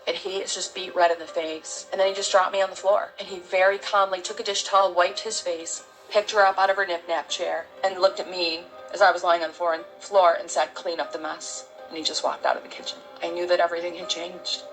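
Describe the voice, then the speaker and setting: A middle-aged woman, an interview guest, gives a halting, heartfelt personal testimony full of restarts. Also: on the low side, little pitch movement, fairly bright tone, soft background music, poor audio.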